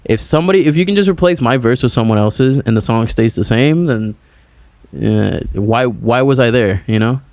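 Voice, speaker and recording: A man's voice: medium pitch, normal speed, a little mellow, no echo. A man, a musician guest, chatting casually on a podcast over a remote call, rambling and filling his talk with "like" and "you know".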